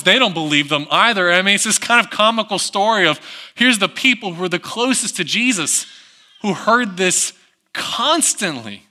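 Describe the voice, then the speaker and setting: A man preaching a sermon, who acts out the people in the story and drops to a hush on reflective lines. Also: high voice. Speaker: pastor.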